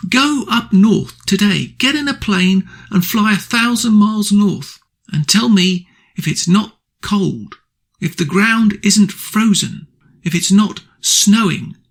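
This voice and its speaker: A man hosts a radio show, ranting through an indignant opinion monologue. His voice sits fairly high for a man. It has a rough, gravelly texture and a husky grain. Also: expressive, a little slow. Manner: ranting, indignant, blunt insults. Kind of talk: angry political opinion monologue.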